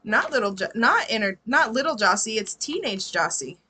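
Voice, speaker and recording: A woman's voice: a little high, very animated, moderate pace, pushed and bright, a little hiss or hum. A woman giving a casual live tarot reading, chatty and laughing often, swearing freely. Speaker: tarot reader.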